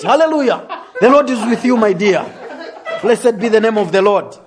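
A young adult man telling a testimony in a sermon, animated and laughing as he tells the story. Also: high voice, moderate pace. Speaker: preacher.

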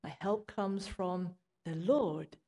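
A woman preaching a sermon in a church, telling a personal story in an earnest, reflective way that drops to hushed tones. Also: fairly low pitch, slow, husky. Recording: long hall reverb.

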